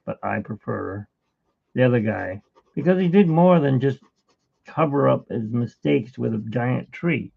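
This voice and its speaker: A man's voice: medium pitch, lively intonation, measured pace, vocal fry, husky. A middle-aged man hosting a live drawing stream, chatting in a rambling, storytelling way, in tinny phone-like livestream audio. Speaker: art livestream host. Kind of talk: casual live drawing chat.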